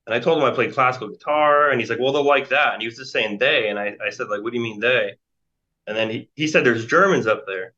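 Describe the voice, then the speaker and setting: A man's voice: mid-range voice, quick pace, bright, forceful tone. An American man in his forties telling a long story as a guest, rambling with many fillers and restarts. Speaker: interview guest. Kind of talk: casual storytelling. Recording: dull lo-fi sound.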